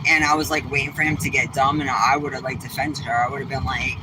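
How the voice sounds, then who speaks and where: A vlogger with a Southeastern Massachusetts accent livestreams from his car while driving, chatting casually with viewers. His mid-range voice moves little in pitch and runs quick; he's rambling, blunt and swears freely, with faint vehicle noise behind him.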